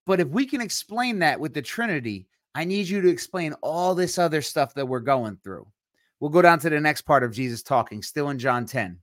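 A male podcast co-host reading Bible verses aloud slowly, then explaining them in quick casual asides. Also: on the high side, animated, a bit bright, dry recording, clean studio sound. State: tired, yawning.

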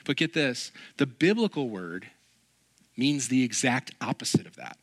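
A male pastor delivers a sermon in a bright, forceful voice. He is animated and playful, acting out quoted lines and jokes. He sounds middle-aged and speaks at a middle pitch. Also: moderate pace.

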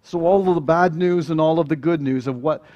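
A man's voice: a little high, fairly quick, lo-fi sound. A man preaching a sermon, earnest and building to emphatic rhetorical questions.

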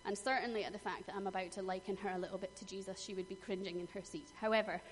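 A woman's voice: mid-range voice, steady tone, rapid-fire. Earnest woman preaching in an echoing hall. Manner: earnest, personal storytelling with emphatic bursts. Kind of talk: sermon. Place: church hall. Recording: long hall reverb, faint noise.

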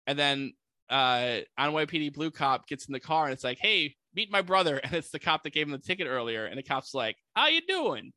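A man casually recapping a movie plot, animated and full of "like" fillers, jumping into quick voices for the characters. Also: mid-range voice, no echo. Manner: many "like" fillers.

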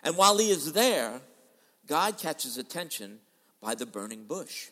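A man preaching a sermon in a dramatic style, switching between loud and soft as he acts out quoted voices. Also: a little high, very animated, a little slow, big-room sound. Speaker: pastor. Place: large church hall.

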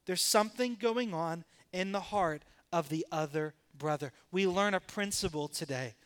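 A pastor's high, clean-toned voice carries at normal speed through a church sanctuary as he delivers a sermon. Dramatically, he gives voice to both the father and his sons in the story, emphasizing their lines.

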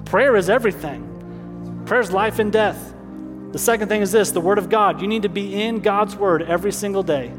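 A man's voice: high-pitched, moderate pace. A man preaching a sermon as pastor, calling out to the congregation and repeating lines for emphasis. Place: church hall. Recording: long hall reverb, soft music behind.

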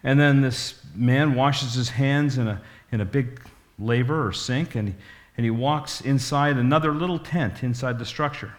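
A man's voice: medium pitch, normal speed. Man in his 60s, pastor, folksy storyteller, rambling, conversational sermon.

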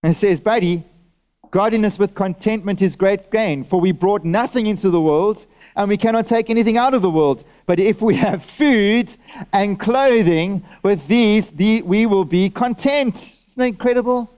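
A preacher with a notably high voice delivers a sermon at a church service. He asks his listeners question after question and checks they are with him, calling for nods and amens. He speaks through a face mask. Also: moderate pace, clean tone. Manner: animated, fires off rhetorical questions at the congregation.

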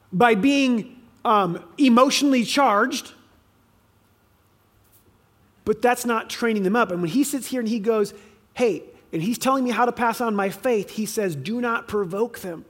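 A man preaching a sermon, with emphatic swings in volume and frequent restarts. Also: very high voice. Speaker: pastor.

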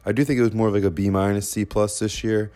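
A man's voice: on the low side, fairly even intonation, quick pace, mellow. A man in a casual voice memo, laid-back and profane, getting hyped about playing basketball.

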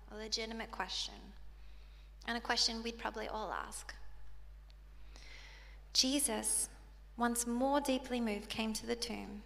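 Woman preacher from South Africa, bright and high, emotional sermon, long hall reverb. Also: unhurried, gravelly, pauses often. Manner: emotional, voice breaking into tears. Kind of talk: sermon, reading scripture aloud.

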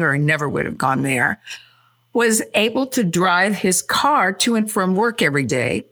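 Animated older woman telling her story. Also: lowish voice. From California. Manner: animated, quick storyteller who acts out quotes. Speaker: interview guest. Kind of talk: storytelling in a casual interview.

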